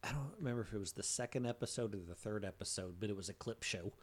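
Man, lower pitch, podcast co-host, enthusiastic asides. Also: fast. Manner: enthusiastic, frequent "mm-hmm" backchannels. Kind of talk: casual chat.

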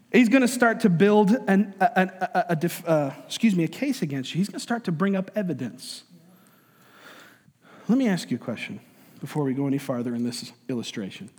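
A man's voice: fairly high pitch, big pitch swings, moderate pace, long pauses, darkish tone, husky, long reverb tail. A man preaching a sermon as a pastor, conversational and joking, acting out voices to make his points.

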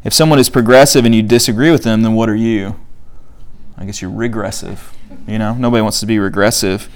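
A man's voice: on the low side, steady tone, fairly quick. A young man leading a book discussion in a loose, conversational way, with many fillers, who reads quotes aloud. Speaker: study group leader. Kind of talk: casual teaching talk.

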